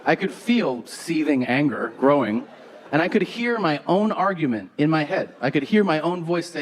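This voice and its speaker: A man's voice: a little high, sing-song, normal speed, a little hiss or hum. A man doing stand-up on a stage, telling stories in a sarcastic, profane, conversational way. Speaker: stand-up comedian. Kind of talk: stand-up storytelling. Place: comedy stage before a live audience.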